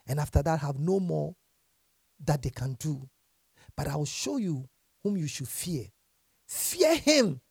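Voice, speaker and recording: Lively gravelly-voiced preacher man. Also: a little high, no echo, studio quality. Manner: animated, laughing often, swinging from quiet to shouting. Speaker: pastor. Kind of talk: lively sermon with scripture reading.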